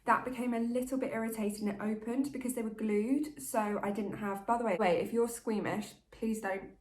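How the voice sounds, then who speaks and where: A woman's voice: a little high, fairly even intonation, brisk, reverberant. A woman, chatting candidly to camera in a casual, open vlog manner. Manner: open, candid and chatty, talking like to a best friend. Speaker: vlogger.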